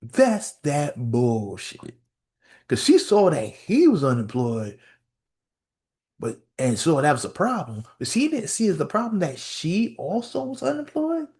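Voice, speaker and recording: Man telling a story in a casual, animated rant. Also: on the high side, unhurried. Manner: animated storytelling with lots of repetition and acted-out quotes. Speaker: podcast host.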